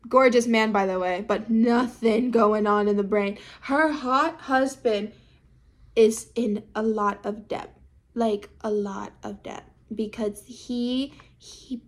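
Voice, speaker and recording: A young woman in her twenties chatting casually as she recaps a drama episode, gushing and dramatic, full of fillers and quick asides to the listener, sometimes acting out characters' lines. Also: a little high, fairly bright tone. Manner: talks fast with lots of fillers and asides to the listener.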